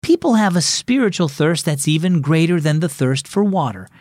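A man voicing a kind, patient mother who explains things gently in a storybook reading. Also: on the high side, sing-song, moderate pace, no echo, clean studio sound. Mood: gently teaching.

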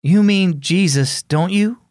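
A man's voice: sits high, a little mellow, no room sound, studio quality, voice pushed up. A man doing an earnest older brother. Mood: apologetic. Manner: earnest, quick to apologize. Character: remorseful older brother, a boy babysitting.

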